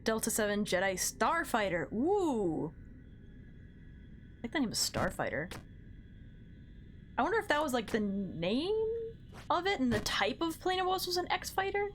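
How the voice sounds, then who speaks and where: A young woman streamer with a high voice that leaps all over the place. She chats bubbly and playful with her viewers and counts out her jumps aloud. A faint hiss sits under her voice. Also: big pitch swings, a little slow, pauses often. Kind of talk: casual live game-stream chat.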